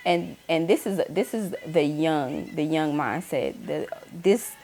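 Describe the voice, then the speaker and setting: A woman's voice: deep voice, slow pace, darkish tone. A woman in her thirties, host of her own talk channel, candidly telling a personal story and acting out the voices of people she quotes. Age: 30s.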